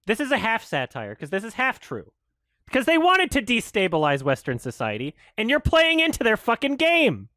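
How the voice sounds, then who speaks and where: A frustrated man rants on his commentary show. His voice sits high and leaps all over the place as he swears and vents. The sound is dry, with no room echo. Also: normal speed. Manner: frustrated, swearing, animated ranting. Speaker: YouTube commentator. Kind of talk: ranting commentary.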